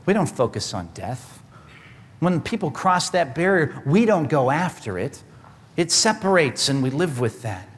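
Brief: male pastor, wry lively sermon delivery, high voice, long echo of a hall. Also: measured pace. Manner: animated, wry, shifts between loud and hushed. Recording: echoey hall.

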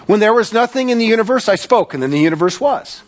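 A preacher voicing God, almighty creator, declamatory, raised high pitch, loud and forceful. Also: male voice, expressive, fast. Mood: proclaiming. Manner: proclaiming, declamatory. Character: God, almighty eternal creator, commanding and majestic.

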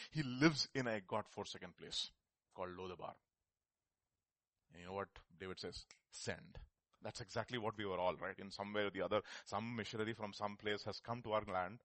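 A man delivers a sermon, swinging between loud, emphatic declarations and quiet, low asides. He often restarts and repeats his phrases. The sound is close and dry, with no room sound.

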